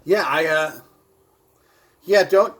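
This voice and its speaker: Guy rehearsing standup jokes, punchy, kinda high voice. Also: slow, fairly bright tone, slight background noise, low-quality recording. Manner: punchy delivery, repeats a catchphrase; bilingual. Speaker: stand-up comedian.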